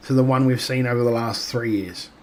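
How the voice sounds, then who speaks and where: A man's voice: medium pitch, fairly even intonation, a little fast. Rambling Australian man, podcast chat. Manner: rambling, filler-heavy, lots of restarts. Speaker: podcast co-host. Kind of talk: casual wrestling podcast chat.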